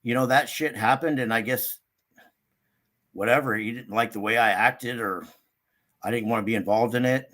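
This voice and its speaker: A man's voice: moderate pace, long pauses, fairly bright tone. An older man, a guest in a casual interview, telling a rambling story and acting out what others said. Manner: rambling, acts out quotes with sudden higher pitch.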